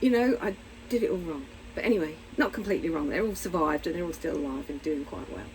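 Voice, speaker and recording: A middle-aged woman therapist talking casually and bluntly to camera, candid and animated. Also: low voice, fast talker, slight background noise, low-quality recording. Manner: candid, blunt, animated, acts out little voices. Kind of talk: casual explanatory talk to camera.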